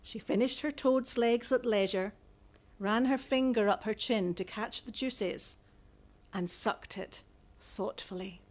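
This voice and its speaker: A woman author reading a young adult novel aloud in a measured, even storytelling manner. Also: fairly high pitch, background noise.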